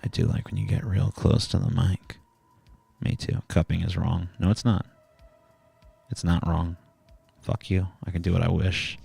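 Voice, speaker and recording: A man's voice: deep voice, level tone, normal speed, gravelly, long pauses, mellow, slightly rough, no room sound, soft background music. A man hosting a livestream, ranting brashly and mockingly at chat with lots of swearing, into a handheld mic held close. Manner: brash, foul-mouthed, mocking. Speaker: livestream host. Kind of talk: casual profane ranting to chat. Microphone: handheld microphone, close.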